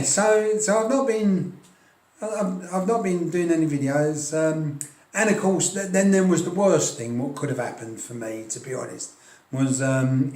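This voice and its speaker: Man, middle-aged, rambling hobby vlog, slightly high voice, roomy echo. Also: darkish tone. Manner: chatty, self-deprecating, laughs often, frequent restarts. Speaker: wargaming hobby vlogger. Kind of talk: casual rambling chat to camera. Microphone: filming on a tablet.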